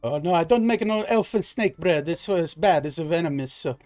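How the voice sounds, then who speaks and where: A man's voice: a little high, lively intonation, brisk, a little mellow, dry recording, faint music behind, pitched above the performer's own voice, lightly acted. A man voicing a pushy, cheerful male rat-folk baker with a put-on Italian accent. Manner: brash, haggling, calls everyone boss.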